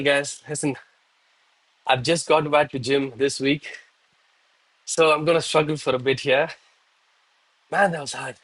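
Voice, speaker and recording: A man's voice: on the high side, dry recording, rough recording. A young man chatting casually with viewers on a live trading stream, breathless and hyped between sets of push-ups.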